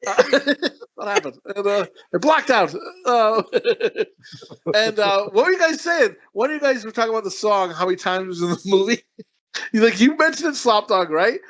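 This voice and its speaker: A middle-aged man riffs through a casual podcast chat, profane and rambling, breaking into laughter often. His voice sits high and swings widely in pitch. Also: a bit bright. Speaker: podcast co-host.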